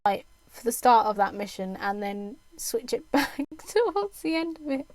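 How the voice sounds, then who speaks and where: A woman's voice: a little high, big pitch swings, moderate pace, no echo, poor audio. A young British woman with a mixed, mostly Southern English accent, chatting casually with her stream viewers, with lots of ums and restarts.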